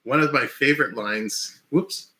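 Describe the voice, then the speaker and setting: A man's voice: medium pitch, unhurried, bright, forceful tone. A man hosting a casual live stream, rambling enthusiastically and laughing often while talking through a headset mic in a small room. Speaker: livestream host.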